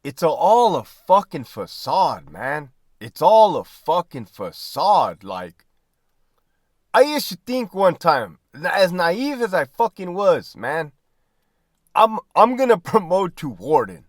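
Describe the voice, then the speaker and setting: A man's voice: high voice, big pitch swings, slow, dry recording, clean studio sound. A man who was a prison lieutenant, talking bluntly and profanely to viewers, often tagging "right?" and "man". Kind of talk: candid casual monologue.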